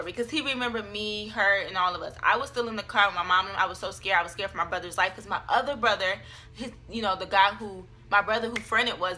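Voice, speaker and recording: A woman's voice: on the high side, sharp tone. A young adult woman telling a personal story on her vlog, in a chatty, dramatic style full of fillers. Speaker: vlogger.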